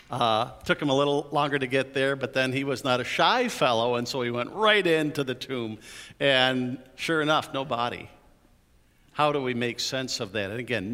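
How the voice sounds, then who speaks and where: Animated man preaching in an echoing church. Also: medium pitch. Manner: animated storytelling with playful asides. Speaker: pastor. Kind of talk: Easter sermon. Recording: hall reverb.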